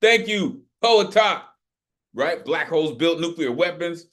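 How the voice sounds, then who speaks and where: Energetic man hosting an open mic. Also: fairly high pitch, unhurried. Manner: energetic, emphatic, laughing hype. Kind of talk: hyping up performers on a video call. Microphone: video call.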